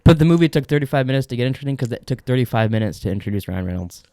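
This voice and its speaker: A man's voice: medium pitch, expressive, rapid-fire, warm tone, dry recording, studio quality. Rambling casual podcast man. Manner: rambling, laughing, profane. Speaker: podcast co-host. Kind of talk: casual chat.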